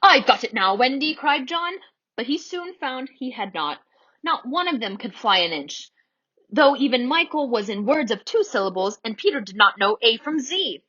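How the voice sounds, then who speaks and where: Animated woman reading a storybook. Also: fairly high pitch, normal speed, dull audio. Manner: animated, theatrical. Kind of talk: expressive storybook reading for children.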